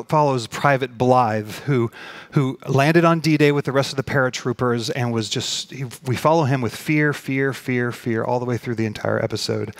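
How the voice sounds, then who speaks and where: A man's voice: medium pitch, no echo. Earnest male pastor preaching, dry sound. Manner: earnest, building to emphatic peaks then slowing to soft pauses. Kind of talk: sermon.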